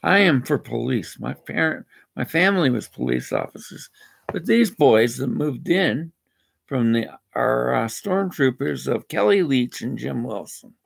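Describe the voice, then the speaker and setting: Gravelly, husky ranter. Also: medium pitch, sing-song, unhurried. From Canada. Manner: ranting, rambling and indignant. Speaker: vlogger. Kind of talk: angry personal rant.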